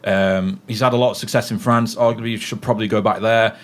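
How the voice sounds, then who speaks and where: A man's voice: lowish voice, fairly even intonation, fast talker. A man on a sports talk panel, arguing his point insistently in casual debate. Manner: insistent, argumentative. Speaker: panel regular.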